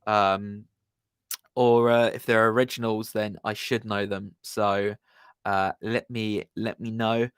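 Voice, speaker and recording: A man's voice: fairly low pitch, little pitch movement, slow, smooth, no echo, studio quality. A man hosting a music live stream, chatting casually with viewers in a laid-back, rambling way and greeting them by name.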